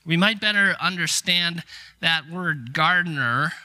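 A man's voice: a little high, a little slow, bright, forceful tone. A middle-aged man preaching a sermon in a conversational, emphatic way, acting out the quotes he tells. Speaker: pastor.

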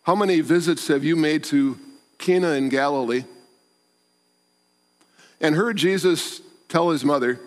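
A man's voice: a little high, unhurried, pauses often. A man preaching a sermon as pastor, earnest and pleading, repeating words for emphasis. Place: church. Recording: long church reverb.

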